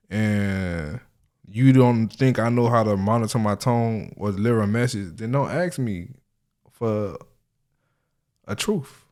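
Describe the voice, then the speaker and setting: A man's voice: medium pitch, darkish tone. A man hosting a casual reaction video, talking in a loose, profane, slang-heavy way.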